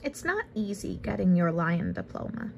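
A woman reading a picture book aloud for the first time, adding relaxed, casual asides. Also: medium pitch, moderate pace, creaky, dull audio, slight background noise. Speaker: storybook reader.

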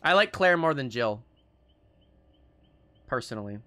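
A young man streaming a game live, reacting excitably with jokes and frequent swearing. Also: medium pitch, unhurried, slight background noise. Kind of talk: live gameplay commentary.

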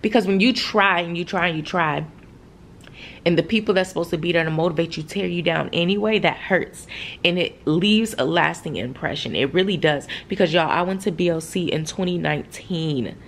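A woman's voice: lowish voice, normal speed, vocal fry, a little hiss or hum. A woman in her thirties, a soldier, telling an emotional story straight to her viewers, frank and profane and close to tears. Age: 30s. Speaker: soldier and vlogger. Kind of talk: candid storytime vlog.

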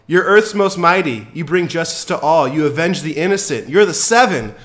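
Guy doing a sweet naive young superhero girl, high earnest voice, kinda breathless. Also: brisk, a bit bright, close to an everyday voice. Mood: shocked.

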